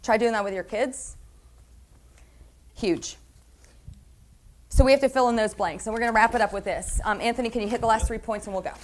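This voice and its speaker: A woman's voice: fairly high pitch, fairly quick, long pauses. A middle-aged woman pastor preaching a sermon in a church, candid and confessional, often asking the congregation questions. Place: church sanctuary.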